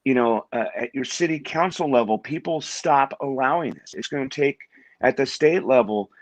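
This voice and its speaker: A middle-aged man from Washington State, a guest in an interview, talking in a halting way and often repeating words as he restarts his sentences. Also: mid-range voice, no room sound. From Washington State, USA. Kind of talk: conversational interview.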